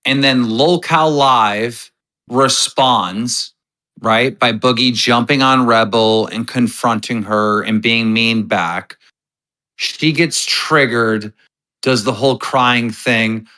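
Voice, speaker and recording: A man recapping drama on a livestream. He tells it slowly and emphatically, checking in with asides. His tone is bright and forceful. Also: medium pitch, poor audio. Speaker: show host.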